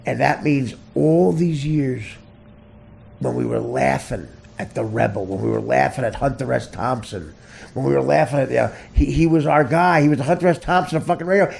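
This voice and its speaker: A man hosting a podcast, launching into a profane comedic rant that swings between loud shouted bursts and low muttering, with stammered restarts. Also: moderate pace, creaky, slight background noise. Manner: heavy cursing, repeats and stammers. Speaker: podcast host.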